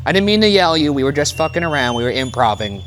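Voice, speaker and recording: A man's voice: a little high, sing-song, fast, fairly bright tone, a little hiss or hum. A man hosting a ghost hunt in an old theater at night, alternating between a half-joking mock-angry improv performance toward a ghost and casual commentary. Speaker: ghost hunting show host.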